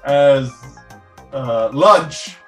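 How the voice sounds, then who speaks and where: A man's voice: medium pitch, extremely slow, soft background music. A man playing a tabletop game, chatting casually with a giggly, joking manner. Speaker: player.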